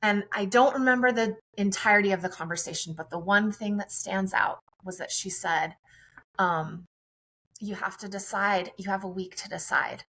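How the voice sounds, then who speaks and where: Bright-voiced chatty woman. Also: medium pitch, moderate pace, rough recording. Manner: friendly, chatty. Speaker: podcast guest, disability advocate and mother. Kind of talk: personal storytelling in a conversation.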